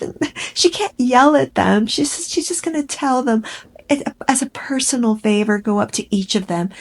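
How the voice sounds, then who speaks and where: A woman's voice: fairly high pitch, gravelly, breathy edge. Sarcastic woman ranting on camera. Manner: sarcastic, exasperated, animated. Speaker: commentary vlogger. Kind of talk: opinionated commentary.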